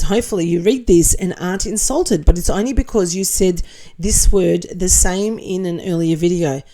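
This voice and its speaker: Australian woman host, middle-aged, mellow and warm, blunt sarcastic comment-reader, casual chat. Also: mid-range voice, vocal fry. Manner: reads comments aloud with laughing asides, blunt and sarcastic. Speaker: commentary channel host reading viewer comments.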